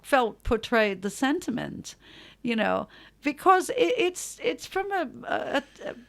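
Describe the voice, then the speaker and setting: A middle-aged woman from New York with a New York accent, chatting casually as a guest and telling a story in an animated way, laughing and acting out what others said. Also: sits high, slow, gravelly. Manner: animated, laughing, acts out quotes in voices.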